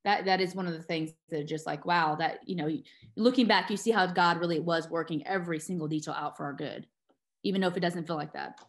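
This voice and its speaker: A woman's voice: lowish voice, fairly even intonation, brisk. A woman, an adoptive mother and guest, telling her personal story with feeling, tearful and full of fillers and restarts.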